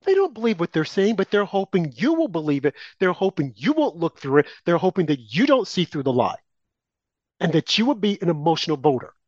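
A man's voice: sits high, big pitch swings, fairly quick, a little mellow, dry recording. A man co-hosting a political talk show, delivering emphatic, heated opinion commentary aimed at his co-host. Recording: dull, lo-fi and dry.

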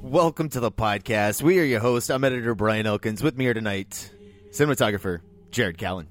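A man hosting a movie podcast in relaxed casual chat, introducing the crew and laughing along. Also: on the low side, a little fast, faint music behind. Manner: easygoing, laughs. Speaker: podcast host.

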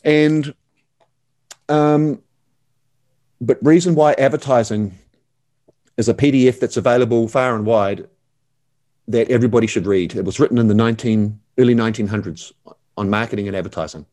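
A man's voice: mid-range voice, normal speed, pauses often, a little mellow. A man, talking as an enthusiastic, slangy guest in a casual interview. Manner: enthusiastic, slangy, calls the host mate.

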